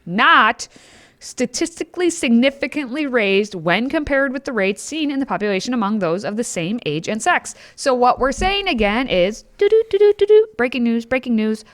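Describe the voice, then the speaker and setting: A woman's voice: a little high, very animated, moderate pace, a bit bright. A woman co-hosting a political talk show, reading news with sarcastic asides and playful sound effects. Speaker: co-host.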